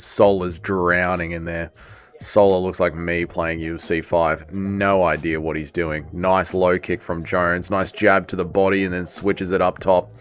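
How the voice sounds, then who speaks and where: A young Welsh man hosting a casual livestream watch-along, chatting excitedly with his viewers and calling the action. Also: deep voice. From Wales. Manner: excitable, chatty, reads chat aloud. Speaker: livestream host.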